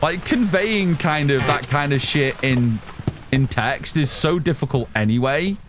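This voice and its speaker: Man, gaming streamer, loud and sweary, very lively pitch, faint hum behind. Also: a little slow. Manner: loud, excitable, swears a lot, reads chat aloud. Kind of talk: casual live-stream chat while gaming.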